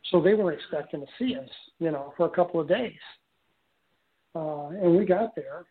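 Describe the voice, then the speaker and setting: A man's voice: fairly high pitch, moderate pace. A man telling a long personal story in a casual, rambling way, full of fillers and restarts. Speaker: guest telling his story. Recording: tinny phone line.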